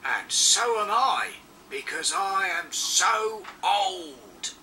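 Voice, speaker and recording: A man's voice: sits high, expressive, normal speed, sharp tone, recorded from a distance, a little hiss or hum, pitched above the performer's own voice, exaggerated voice, low-quality recording. A man voicing a cheerful old male steam engine, proud of his age, in a children's storybook reading, with a chirpy, friendly manner.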